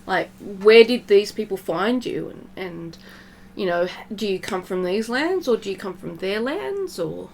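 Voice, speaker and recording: A woman playing a tabletop game, chatty and quick to get excited. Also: medium pitch, vocal fry, a little hiss or hum, rough recording. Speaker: player. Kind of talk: casual tabletop play.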